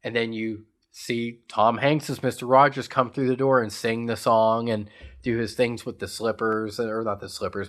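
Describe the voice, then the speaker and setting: A man's voice: medium pitch, a bit bright. A man from western Pennsylvania, a podcast co-host, eagerly recapping a film in a casual chat, rambling and leaning on lots of "like" fillers. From Pittsburgh area, USA. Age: adult parent. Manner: enthusiastic rambling storyteller with many "like" fillers.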